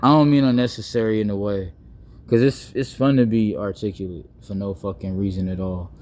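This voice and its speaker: A young man, rambling playfully in a casual vlog monologue, full of slang, restarts and deliberately wordy phrasing. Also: on the low side, steady tone, a little mellow, a little hiss or hum. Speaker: vlogger.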